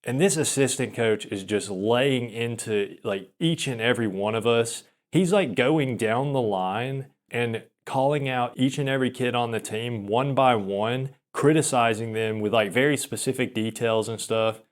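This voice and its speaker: A man's voice: mid-range voice, normal speed, few pauses. A young man telling a long personal story in casual chat, rambling and self-deprecating, with frequent restarts and small laughs. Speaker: podcaster.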